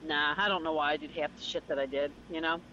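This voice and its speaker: A woman's voice: sits low, fairly even intonation, fast, bright, forceful tone, lo-fi sound. A woman co-hosting a casual talk show, reacting to stories in a frank, blunt way. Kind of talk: casual chat.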